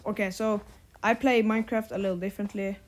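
Halting, hesitant woman gaming host. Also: mid-range voice, steady tone, a little hiss or hum. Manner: halting and hesitant, many fillers and restarts. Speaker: gameplay video host. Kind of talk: casual gameplay commentary.

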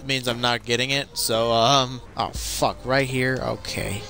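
A man giving deadpan let's play commentary, swearing often. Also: medium pitch, a little slow, gravelly. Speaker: gameplay streamer. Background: game music.

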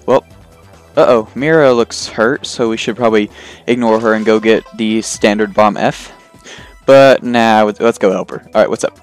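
A man's voice: on the low side, normal speed, smooth. A man giving casual, rambling commentary on his gameplay as a let's play host, joking at his own expense. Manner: rambling, self-deprecating, jokey, lots of fillers. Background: faint game music.

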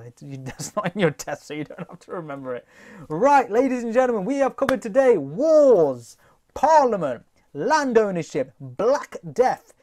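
Lively male test-prep teacher. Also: a little high. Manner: lively, jokey, addresses class directly. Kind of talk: recorded test-prep lesson.

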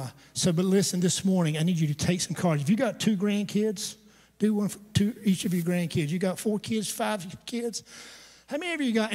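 High-voiced man preaching with humor. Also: darkish tone. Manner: humorous, conversational preaching with asides to the congregation. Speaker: pastor. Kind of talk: storytelling sermon. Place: church sanctuary. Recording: long church hall reverb.

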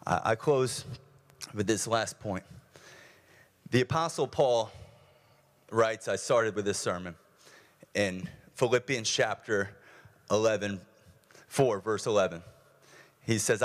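A man's voice: on the low side, a little slow, pauses often. A male pastor preaching a sermon in a church, earnest and repetitive, often restarting his phrases. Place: church sanctuary.

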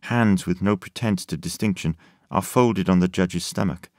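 Male audiobook narrator, deep voice, deliberate scripted delivery, dry close sound. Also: a little mellow, no echo. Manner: measured, deliberate reading.

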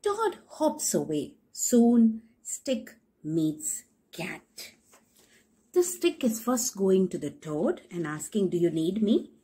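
A middle-aged woman teacher reads a picture book to small children, pausing to explain words. Her voice is husky, her pace slow, and her pitch rises and falls in a lively way. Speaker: primary school teacher. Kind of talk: reading a storybook aloud to children.

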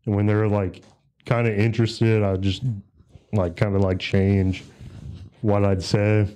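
A man's voice: fairly low pitch, level tone, measured pace, mellow, smooth. A man on a podcast, talking in a laid-back, rambling way with lots of fillers and swearing. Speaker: podcast host. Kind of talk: casual chat.

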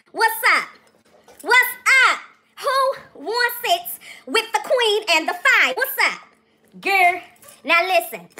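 Very high, lively, sassy woman livestreamer. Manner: theatrical and sassy, with drawn-out exclamations. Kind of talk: livestream chat.

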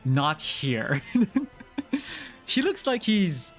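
A man's voice: on the high side, very animated, extremely slow. A young man streaming a game, drawling dry self-amused remarks. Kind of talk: casual gaming stream chat. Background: game music.

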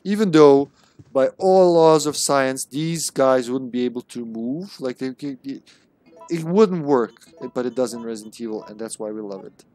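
A man live-streaming a horror game with loose, casual commentary. He jokes, swears freely and slips into playful voices, at a middling pitch. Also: moderate pace, a little mellow, soft background music. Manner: jokey, profane, playful voices.

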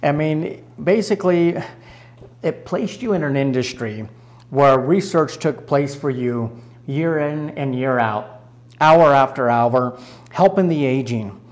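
A man's voice: medium pitch, slow. A man hosts a conversational interview. He affirms his guest as he listens. Then he sums up the story back to him in his own words. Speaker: interview host.

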